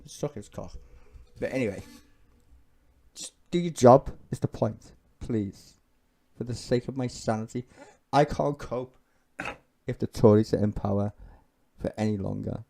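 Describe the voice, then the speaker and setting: Brief: male streamer, low gravelly voice, profane and sardonic, ranting about politics. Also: measured pace, warm tone. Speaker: live streamer.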